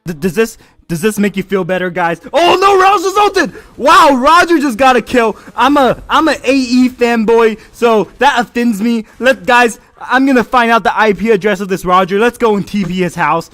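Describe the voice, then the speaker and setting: A man's voice: extremely high pitch, animated, normal speed, fairly bright tone, faint music behind. A man streaming live commentary on a mobile game match, hyped and crudely joking, full of exclamations.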